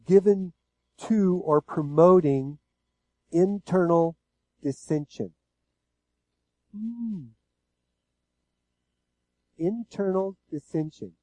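A man preaching in a conversational way, tossing rhetorical questions to the room. His voice sits a little high for a man. The sound is close and dry, with almost no room in it. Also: darkish tone, dry recording, low-quality recording. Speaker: pastor. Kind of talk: sermon.

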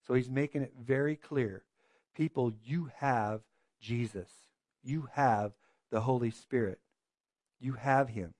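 A man's voice: medium pitch, slow pace, a little mellow, no echo. A man preaching a sermon as a pastor, earnest and full of rhetorical questions.

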